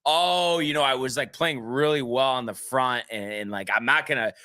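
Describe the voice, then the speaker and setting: A man's voice: medium pitch, normal speed, pushed and bright. A man co-hosting a podcast, telling a long story in casual chat, full of restarts and acted-out quotes. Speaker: podcast co-host.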